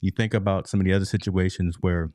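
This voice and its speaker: A deep-voiced man hosts a live sports talk show in a dry, close sound. He talks casually and stumbles over repeated words as he starts a thought. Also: steady tone, quick pace, darkish tone, no echo. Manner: laid-back, repeats words when starting. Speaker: podcast host.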